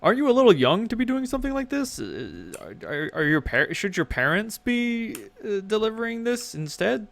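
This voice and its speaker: A man's voice: high-pitched, very animated, moderate pace, vocal fry, hardly any pauses, a bit bright, voice pushed up, heavily acted. A man voicing a big nervous male orc clerk who stammers and is out of his depth. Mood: flustered. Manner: stammering, hesitant.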